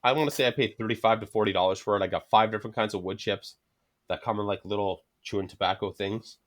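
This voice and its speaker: A man's voice: lowish voice, fast talker. A man with a Canadian accent chatting casually on a podcast, swearing freely and laughing often as he tells stories. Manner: profane, laughing often, animated storytelling. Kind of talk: casual chat.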